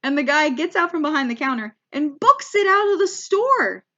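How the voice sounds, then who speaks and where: A woman's voice: high-pitched, moderate pace, muffled recording. A young American woman telling a comic travel story, acting out voices and often restarting her sentences. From United States. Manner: animated, acts out quoted voices, frequent restarts. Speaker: comedian.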